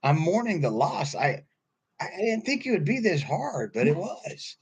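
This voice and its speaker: A man in his fifties giving a casual sermon, telling stories in a husky voice that swings from quiet asides to loud bursts. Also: high voice, moderate pace. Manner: animated storytelling, swings from quiet to loud, laughs often. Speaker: pastor.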